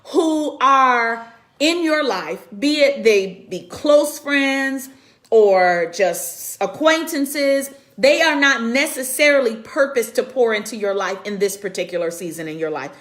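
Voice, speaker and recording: Woman preaching on a live stream, kinda high voice, earnest, calls out viewers by name over her computer mic. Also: a bit bright. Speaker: women's conference host and speaker. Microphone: computer camera mic.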